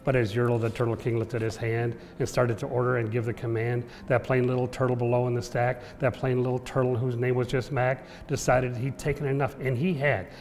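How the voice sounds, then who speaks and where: A man reading a rhyming children's book aloud with a lively, rhythmic delivery. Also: medium pitch. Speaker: storyteller. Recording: echoey room with long reverb.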